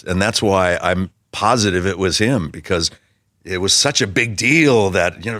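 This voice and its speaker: A man in his sixties tells a story as a guest on a talk show. His voice sits on the low side and is close and dry, and he acts out the voices of the people in his story with lively energy. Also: moderate pace, no room sound. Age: 60s. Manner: acts out quoted voices vividly. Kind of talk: animated anecdote telling.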